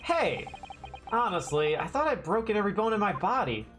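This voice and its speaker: A man's voice: high voice, big pitch swings, fairly quick, fairly bright tone, voice pushed up. A man voicing a nervous young male student who stammers and gets flustered, over game music.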